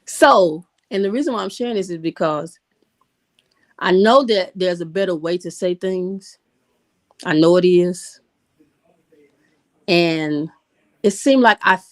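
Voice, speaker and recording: A middle-aged woman co-hosting a casual talk show, telling candid stories in relaxed Southern American phrasing. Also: fairly low pitch. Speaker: podcast co-host. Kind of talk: casual conversation.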